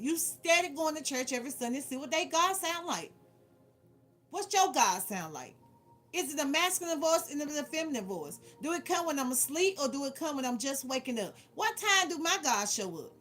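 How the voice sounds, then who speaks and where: A woman's voice: high voice, a bit bright. A woman tarot reader, giving a casual spiritual pep talk. She talks in a preachy way and keeps asking "right?". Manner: preachy, repeats "right?" often.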